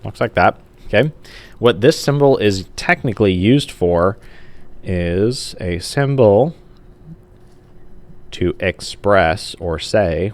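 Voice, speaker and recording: A male teacher giving a recorded grammar lesson, talking casually while writing on a page and often checking in with the class. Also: low-pitched. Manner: casual, says "like" and checks in with "okay?". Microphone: camera mic.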